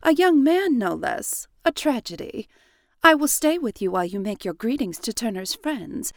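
A woman voicing a kind, earnest young woman from a period story who speaks warmly and pleadingly to her sister. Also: on the high side, very animated, normal speed, no room sound, clean studio sound, voice pushed up.

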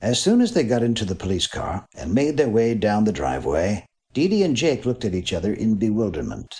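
A man narrates a mystery novel as an audiobook, reading expressively and giving the characters their own voices. His voice is lowish and a little fast.

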